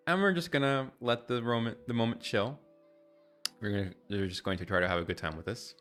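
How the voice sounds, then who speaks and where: A man's voice: mid-range voice, brisk, fairly bright tone, faint music behind. A young adult man streaming live, ranting in an exasperated way with lots of fillers and restarts.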